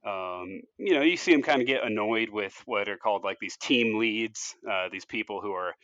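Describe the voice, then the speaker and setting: A man casually pitching a movie story on a podcast, rambling loosely with lots of "like" and "you know" and frequent restarts. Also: moderate pace, fairly bright tone, no room sound, lo-fi sound. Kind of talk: casual chat.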